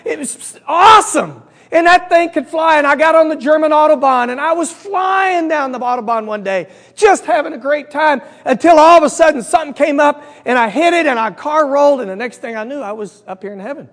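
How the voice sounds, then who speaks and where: A man voicing a boastful German businessman in a told joke, emphatic and excited. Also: extremely high pitch, fast, few pauses, long reverb tail. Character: boastful German businessman telling of his crash.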